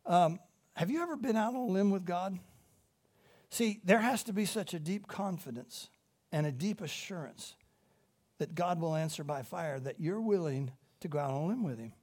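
A man delivers a sermon in a voice pitched well above the usual male range. He tells stories with animation, pressing hard on key lines and then dropping to a hushed tone. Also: moderate pace. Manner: animated storytelling, swings between loud emphasis and hushed tones. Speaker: preacher.

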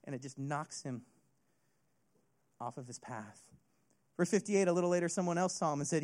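A man preaching a sermon as a youth pastor, retelling a story with an expressive delivery. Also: on the high side, moderate pace, pauses often.

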